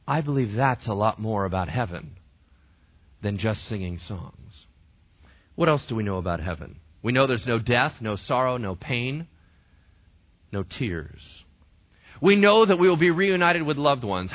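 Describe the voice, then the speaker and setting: Animated preaching man, lively pitch. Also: a little slow. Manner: animated, conversational preaching with rhetorical questions. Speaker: pastor. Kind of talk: sermon. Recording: dull lo-fi dry recording.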